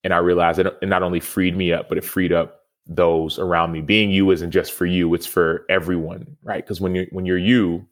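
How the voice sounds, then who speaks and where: A man's voice: deep voice, little pitch movement, moderate pace, few pauses. A man in his thirties, a podcast guest and former football player, telling a personal story in an earnest, reflective way. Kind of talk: storytelling interview answer.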